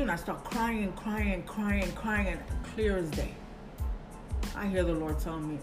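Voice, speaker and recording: A woman in her forties, a podcast guest, telling a personal story in casual talk, lively and acting out the voices of others. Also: fairly low pitch, normal speed. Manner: animated, acts out quoted voices, laughs often. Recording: music playing underneath.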